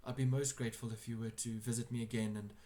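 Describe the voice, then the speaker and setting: A man's voice: medium pitch, flat delivery, fast talker, natural voice. A man voicing a worried, sleepless townsperson with an English accent, hesitant and sighing as he speaks. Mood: troubled. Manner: hesitant, sighing, soft-spoken.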